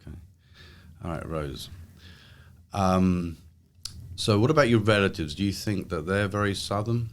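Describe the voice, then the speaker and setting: A middle-aged man and university professor, gently prompting questions and repeating answers back in a casual studio interview. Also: deep voice, expressive, unhurried, long pauses. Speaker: host interviewing his young daughter.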